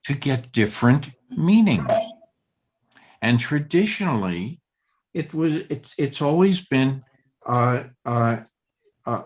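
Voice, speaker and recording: A man leading a group Torah study discussion, halting and searching for words as he reads passages aloud and weighs which word to stress. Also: mid-range voice, big pitch swings.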